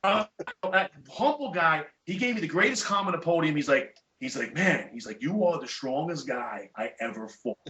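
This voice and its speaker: Middle-aged man, guest on a podcast, bright and fairly high voice, animated and blunt, recorded in an echoey room with dull lo-fi sound. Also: normal speed, a little hiss or hum. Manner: animated, emphatic, blunt with profanity. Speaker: podcast guest, chiropractor and jiu-jitsu black belt. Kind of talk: casual storytelling chat.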